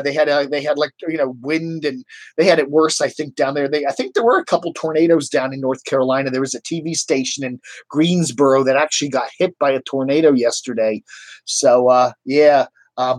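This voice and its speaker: A man's voice: fairly high pitch, dry recording. A man chatting casually to viewers on a live stream into a webcam mic, rambling with lots of "I don't know, man".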